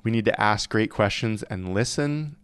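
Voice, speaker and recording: A man co-hosting a podcast on youth ministry, talking through his points in an earnest, measured way. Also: fairly low pitch, a bit bright, clear, resonant tone, no room sound. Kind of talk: casual podcast discussion.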